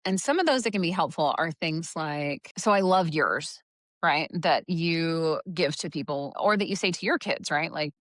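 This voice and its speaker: A woman's voice: deep voice, expressive, moderate pace, hardly any pauses, dry recording, studio quality. A middle-aged woman co-hosting a casual parenting podcast, chatty and quoting herself in a sing-song voice. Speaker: podcast co-host.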